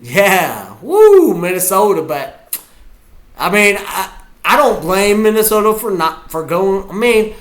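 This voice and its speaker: A man reacting to a football game as a fan, hyped and often shouting his cheers. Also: high-pitched, very animated, takes it slowly. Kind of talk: live game reaction vlog.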